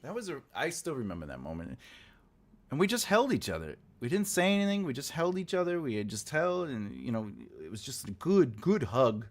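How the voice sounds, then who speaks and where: Animated man chatting on a livestream. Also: medium pitch, fairly quick. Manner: rambling, animated, reads chat replies aloud, laughs often. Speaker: writing livestream host. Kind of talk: casual livestream chat.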